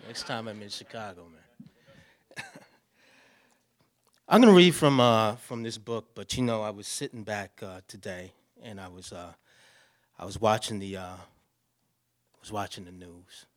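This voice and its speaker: A man's voice: on the low side, normal speed. A male poet talking loosely to a live audience before reading, with plenty of "uh" and restarts. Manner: relaxed and loose, stumbling with "uh". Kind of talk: casual talk before a poetry reading.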